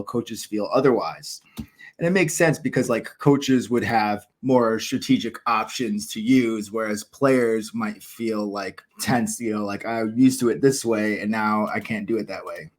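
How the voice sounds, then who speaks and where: Chatty American man, lowish voice. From United States. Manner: rambling, self-mocking, chatty. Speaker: cricket video host. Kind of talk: casual solo commentary to camera.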